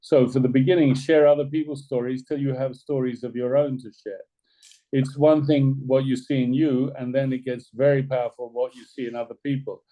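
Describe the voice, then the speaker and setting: A man's voice: medium pitch, fairly even intonation, a little fast, warm tone, poor audio. A man leading an orientation video call, talking loosely and persuasively, often repeating his words. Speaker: team leader on an orientation call. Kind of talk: casual persuasive talk.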